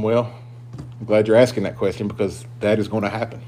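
A man pastor preaching a sermon, emphatic and swinging between loud declarations and hushed asides. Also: on the low side, lively intonation, fairly quick, slight background noise.

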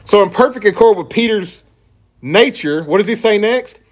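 A man's voice: sits high, animated, moderate pace. Emphatic preaching man. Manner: emphatic preaching, reading scripture aloud. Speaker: pastor. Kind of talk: sermon.

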